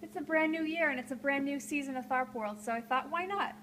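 A woman's voice: sits high, quick pace, fairly bright tone. A woman hosting a live call-in art show from a gallery, talking in a playful, rambling way that often trails off. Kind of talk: live stream chat while drawing. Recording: noisy live stream room.

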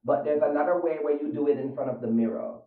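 Streaming live at night from a dim room in his home, this man talks nervously and dramatically, gushing at viewers via a phone leaned against a mirror. He speaks on the high side and quickly, captured in echoey, dull lo-fi phone sound.

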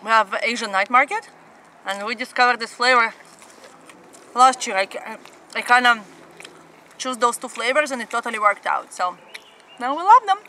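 A woman's voice: a little high, moderate pace, long pauses, sharp tone, rough recording. A woman hosting a casual family eating show, chatting enthusiastically between bites with lots of mm-hmms, sitting on the ground outdoors at a festival. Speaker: family channel host. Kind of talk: casual mukbang eating chat. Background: faint festival noise.

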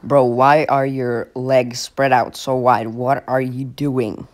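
A man's voice: medium pitch, flat delivery, takes it slowly. A young man from Finland giving mocking, exasperated comic commentary over a video. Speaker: comedy video creator.

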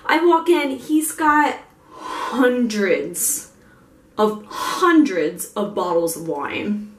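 A woman's voice: mid-range voice, big pitch swings, extremely slow. A young woman from Ohio vlogging casually, rambling along with many fillers. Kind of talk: casual chat. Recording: echoey room with faint ambience.

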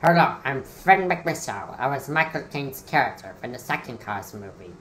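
A man's voice: medium pitch, lively intonation, normal speed, a bit bright, voice pushed down, natural voice. A man doing a suave spy car. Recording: roomy echo.

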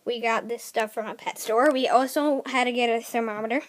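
A woman's voice: on the high side, steady tone, brisk. A woman talking casually in a home vlog, recorded on a tablet, chatty and offhand. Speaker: vlogger showing her pet gecko.

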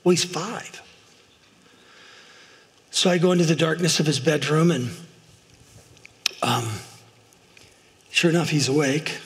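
A man's voice: fairly high pitch, takes it slowly, long pauses. A middle-aged man preaching as a pastor in a church, chatty and self-deprecating, often asking his listeners "right?". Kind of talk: sermon. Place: church sanctuary, in front of a congregation. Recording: long hall reverb.

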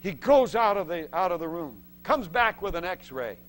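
A man preaching a sermon as a testimony, telling a story with lively acted-out voices and laughs between points. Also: high-pitched, moderate pace, slight background noise. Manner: acts out voices in the story and shouts the excited parts.

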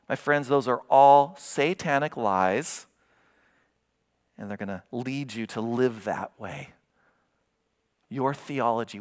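A man preaching a sermon as pastor of his church, expressive, his voice climbing as he retells a scripture story and dropping low to stress a point.

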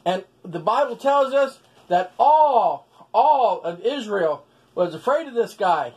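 A man's voice: high-pitched, lively intonation, slow pace, a little mellow, slightly rough. A man telling a Bible story as a children's lesson with stuffed animals, folksy and full of sound effects. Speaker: storyteller teaching children's values.

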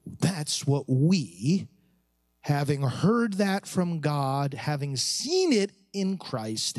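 Man preaching, high voice, lively swooping delivery, dry close sound, rhetorical questions. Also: dry recording. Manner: repeats key phrases for effect. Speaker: priest addressing a pro-life conference. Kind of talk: preached conference speech.

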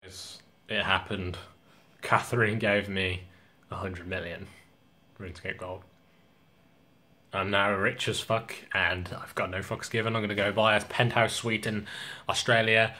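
A man's voice: fairly low pitch, fairly even intonation, a little slow, pauses often, pushed and bright. A young man vlogging casually, rambling, joking and swearing a lot. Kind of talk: casual vlog rant.

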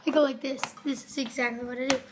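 High-voiced rambling woman vlogger from Canada. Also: fast talker, noisy background. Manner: rambling, excitable, lots of "like" and "yeah". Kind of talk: casual vlog. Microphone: phone on a selfie stick.

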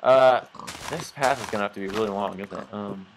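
A man's voice: lowish voice, a little fast, noisy background. A man hosting a game let's play, talking casually with rambling, jokey, self-mocking asides. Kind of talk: casual gameplay commentary.

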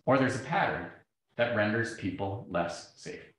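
At a measured pace and a low-leaning pitch, a middle-aged man delivers a public talk. The lecture hall is very echoey, and he animatedly performs the quoted exchanges in his stories.

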